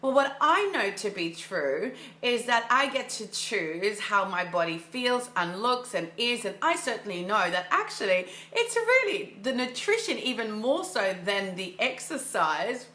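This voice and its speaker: A woman coach speaks with enthusiasm in a slightly high, bright, forceful voice. Her motivational talk is loose and chatty, full of fillers and repeated phrases. The room around her echoes. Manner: casual, filler-heavy delivery. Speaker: mindset coach. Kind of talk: motivational monologue.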